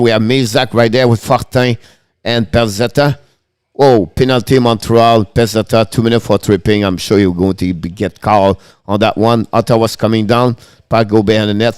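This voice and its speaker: A man's voice: on the low side, clean tone, no room sound, studio quality. A man hosting a live-stream hockey show, calling the play-by-play in broken English and laughing often.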